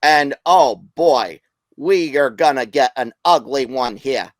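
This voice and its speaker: A man putting on the voice of a brash, pompous old-school sportscaster with a slow, grandiose announcer cadence. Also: mid-range voice, no room sound, lightly acted.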